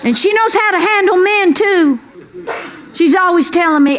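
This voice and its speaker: A woman's voice: very high voice, moderate pace. A woman comedian doing a brash, folksy stand-up routine on a club stage. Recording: live club with crowd laughter and noise. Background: audience laughter.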